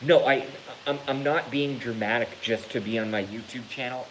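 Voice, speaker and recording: A man vlogging to his channel in a casual rant, animated and theatrical, swearing freely. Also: medium pitch, normal speed, noisy background. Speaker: YouTube vlogger.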